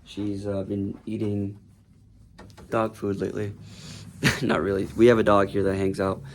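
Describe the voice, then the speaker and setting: A man's voice: lowish voice, little pitch movement, unhurried, a little hiss or hum. A man who works as a real estate agent giving a casual, rambling tour of his office, talking loosely with many fillers. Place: office indoors.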